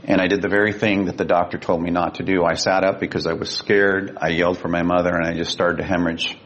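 An older man from California, a guest telling a personal story in an earnest, emotional way and slowing down for quoted speech. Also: little pitch movement, a bit bright. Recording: dull lo-fi sound with faint rumble.

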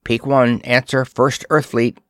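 A man's voice: medium pitch, flat delivery, a little slow, no echo, studio quality, lightly acted. A man doing a shaky, dutiful signal chief. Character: shaken male signal chief, obedient.

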